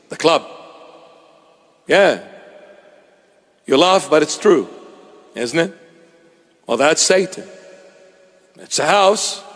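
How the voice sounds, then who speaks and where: A male preacher delivers a sermon slowly and emphatically, hammering home phrases through repetition. His voice sits fairly high, and a long church reverb hangs after every line. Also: fairly bright tone.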